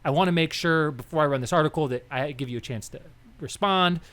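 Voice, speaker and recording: A man's voice: fairly high pitch, fast talker. Rambling young man telling podcast stories. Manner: rambling, animated storytelling with quoted dialogue. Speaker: podcast co-host. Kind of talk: casual political chat.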